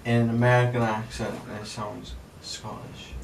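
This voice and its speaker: A man's voice: fairly low pitch, level tone, normal speed, vocal fry. A young man in his twenties, playful in a casual podcast chat. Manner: playful, tries silly accents. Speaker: podcast co-host. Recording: echoey room, mic far off, faint noise.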